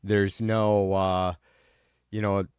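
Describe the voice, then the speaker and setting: A man's voice: on the low side, little pitch movement, very slow, a little mellow, smooth, dry recording, studio quality. Profane ranting man from Michigan. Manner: profane, angry ranting with frequent fillers and restarts. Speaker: livestream host. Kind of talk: casual livestream chat reading viewer comments.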